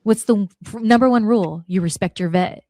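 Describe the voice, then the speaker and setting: A woman's voice: mid-range voice, fairly quick, darkish tone, dry recording, clean studio sound. A woman in her forties, a guest on a podcast, telling stories bluntly and acting out the lines she quotes. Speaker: podcast guest, former wrestler. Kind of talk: casual storytelling chat.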